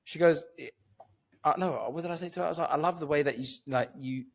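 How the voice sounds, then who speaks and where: A man's voice: fairly high pitch, fast, gravelly. A man from Cyprus, a stand-up comedian, joking playfully as a podcast guest. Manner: playful, joking, laughs a lot. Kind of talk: casual podcast chat.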